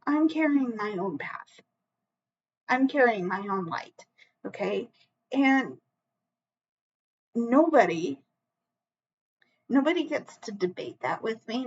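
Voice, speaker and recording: Slow, halting woman reading tarot. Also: on the high side, slightly rough, highs cut off. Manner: halting, earnest, frequent restarts and reassuring "okay?". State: emotional, close to tears. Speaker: tarot reader. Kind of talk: solo tarot reading to camera.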